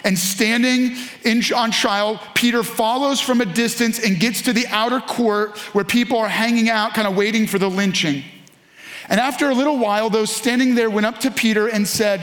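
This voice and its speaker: A man's voice: extremely high pitch, moderate pace, fairly bright tone. A male pastor giving a sermon in a conversational, storytelling way.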